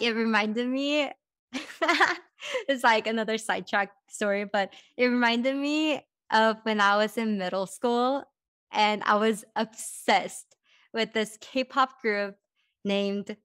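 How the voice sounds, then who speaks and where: At medium pitch and a measured pace, a young woman's fairly bright, smooth voice comes through clean studio sound without echo. Hosting her podcast, she reflects casually, with plenty of "like" and soft laughter.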